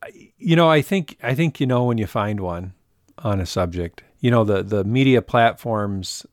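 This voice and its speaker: A man's voice: fairly low pitch, lively intonation, moderate pace, no echo, studio quality. A man co-hosting a fishing podcast in casual chat, rambling and self-mocking, often restarting his sentences. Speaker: podcast co-host.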